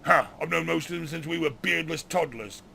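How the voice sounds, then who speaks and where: A man voicing a loud, weathered dwarf chief who is easily alarmed. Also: fairly high pitch, fairly quick, vocal fry, a little hiss or hum, heavily acted. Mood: booming.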